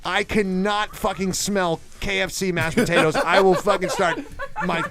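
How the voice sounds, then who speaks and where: A man telling a wild story in casual chat, animated and profane and laughing as he goes. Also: high-pitched, moderate pace, a crowd in the background.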